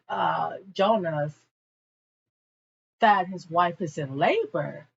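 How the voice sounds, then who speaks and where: A woman's voice: mid-range voice, slightly rough, dull audio. A young woman casually recapping a TV episode in a gossipy way, with frequent asides to her viewers. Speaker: TV show reviewer.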